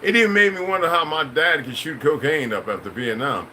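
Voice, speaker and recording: A man's voice: on the high side, animated, fairly quick, bright, forceful tone, a little hiss or hum, low-quality recording. A middle-aged man, a channel host, in a rambling, profane, preachy unscripted monologue.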